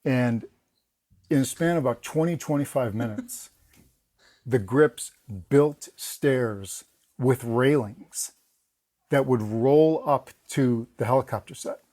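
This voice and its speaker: A man, a guest on a podcast, telling behind-the-scenes anecdotes in a casual, animated way, often laughing and restarting his sentences. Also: mid-range voice, slow pace. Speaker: guest, former film production assistant. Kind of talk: casual interview storytelling.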